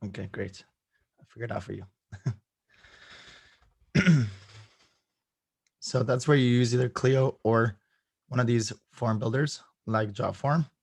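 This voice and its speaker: A hoarse man walks a group through his setup on a video call, upbeat and laughing now and then. His voice sits at an everyday pitch. The sound is close and dry, with no room around it. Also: takes it slowly, pauses often, a little mellow, dry recording. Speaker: guest presenter.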